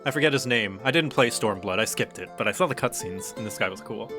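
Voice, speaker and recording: A man chatting through a game stream with a lively, swooping voice. He jokes, gasps and reads characters' lines aloud in a casual way. Faint game music plays behind him. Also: lowish voice, quick pace, hardly any pauses. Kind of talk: casual let's-play commentary.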